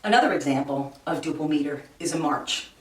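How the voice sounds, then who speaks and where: A woman teaches music, explaining things slowly and carefully and counting beats out loud. Her voice sits a little low and comes from some distance from the mic, in a room with heavy echo. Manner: slow, deliberate explaining, counting beats aloud. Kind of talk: recorded classroom lesson. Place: room with a piano. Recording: very echoey room, voice away from mic.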